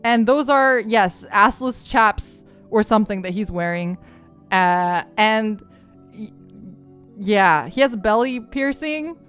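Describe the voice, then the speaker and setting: A young woman streamer chatting casually, telling stories in an animated way and sometimes breaking into shrieks and laughter. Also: medium pitch, takes it slowly, clear, resonant tone, faint music behind.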